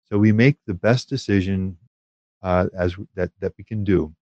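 A man giving a calm, measured spiritual teaching on prayer, with small fillers and restarts. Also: sits low, no room sound, highs cut off.

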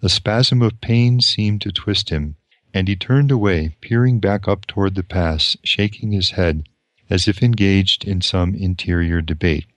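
A man reading a novel aloud and stopping to comment on it, in a deliberate and reflective way. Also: low voice, dry recording. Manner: deliberate and reflective, pausing to explain. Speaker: lecturer.

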